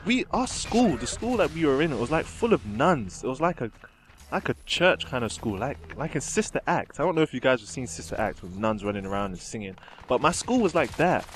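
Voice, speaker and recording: A man's voice: mid-range voice, slight background noise. A young man chatting casually and giggling while commenting over gameplay. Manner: chatty, giggly, rambling with fillers. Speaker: gaming commentator.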